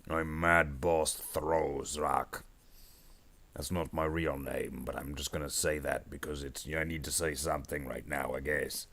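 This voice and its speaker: A huge, bossy male orc warlord with an extremely deep rumble, bragging about his name, his colors and his truck, as a streamer puts him on. He rambles on and stretches out his big declarations. It is casual live stream banter held in character. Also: fairly even intonation, a bit bright, heavily acted. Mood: boastful. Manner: rambling, boastful, with slow drawn-out declarations. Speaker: live streamer painting miniatures.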